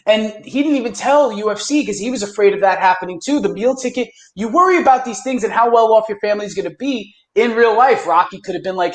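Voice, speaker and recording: A man hosting a casual movie review podcast, excitable and swearing, acting out lines from the films. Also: high-pitched, quick pace, hardly any pauses, roomy sound. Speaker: podcast host.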